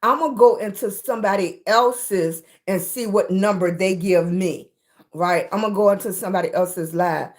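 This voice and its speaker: Middle-aged woman, casual livestream chat, talking from her room, greets viewers warmly by name, medium pitch. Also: normal speed. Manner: chatty, greets viewers by name, calls them baby. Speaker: livestream host.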